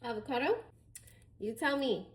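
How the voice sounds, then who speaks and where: A woman's voice: on the high side, expressive, normal speed. A woman casually narrating as she prepares food for her cooking vlog. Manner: chatty, talks while preparing food. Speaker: cooking vlogger.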